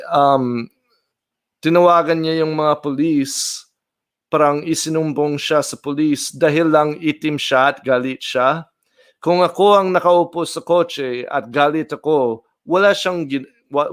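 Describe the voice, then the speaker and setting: Smooth-voiced man in earnest chat. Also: medium pitch, fairly bright tone. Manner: chatty, earnest, thinking aloud. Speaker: video host reacting to an old clip. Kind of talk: casual commentary.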